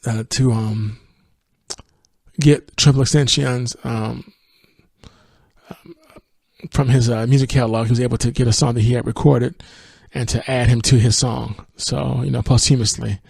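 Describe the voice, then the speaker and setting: Male podcast host, gravelly voice, dry close sound, casual music review with lyrics read aloud. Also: medium pitch, measured pace, long pauses, no room sound. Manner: relaxed, thinking aloud with fillers and restarts.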